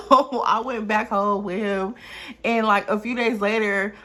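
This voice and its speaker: A woman's voice: mid-range voice, takes it slowly. Chatty young woman telling a wild storytime. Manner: lively, talks straight to viewers, swears freely. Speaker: vlogger. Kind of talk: casual storytime.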